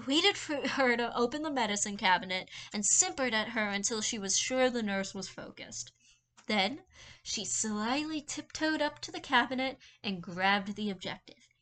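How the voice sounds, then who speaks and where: A woman narrating a fan fiction story in a lively way, with some slips and restarts. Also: fairly high pitch, normal speed.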